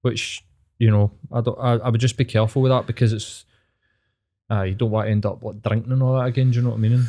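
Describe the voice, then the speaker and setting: A man's voice: mid-range voice, steady tone, fast talker, warm tone. A man with a Glaswegian Scottish accent, co-hosting a podcast in casual chat, supportive and matey, leaning on fillers like "do you know what I mean". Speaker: podcast co-host.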